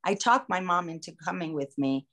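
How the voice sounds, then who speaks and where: A woman podcast host telling a story in a casual, animated way, acting out the voices of the people in it. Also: fairly low pitch, normal speed. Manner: animated, acts out quoted voices. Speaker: singer.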